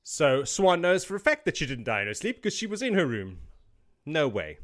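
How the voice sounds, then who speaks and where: A man co-hosting a casual book-discussion podcast, retelling the plot in an animated way and slipping into quick character voices. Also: fairly high pitch. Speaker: podcast co-host.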